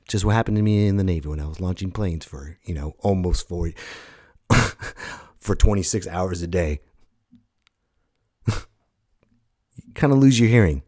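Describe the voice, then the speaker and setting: A man in his thirties hosting his own podcast, talking loudly and casually in a rambling, jokey way with sudden shouted bits. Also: deep voice, moderate pace, pauses often. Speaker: podcast host. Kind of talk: casual solo podcast monologue.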